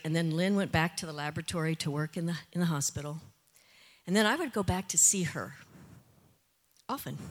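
An older woman giving a missionary testimony and prayer in an earnest, conversational way, with frequent "you know" asides. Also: on the low side. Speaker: missionary speaker. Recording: long hall reverb.

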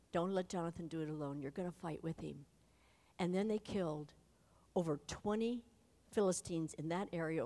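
A woman retelling a Bible story to an adult audience, animated and speaking straight to her listeners. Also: lowish voice. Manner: animated, addresses listeners directly. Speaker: Bible teacher. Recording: long hall reverb.

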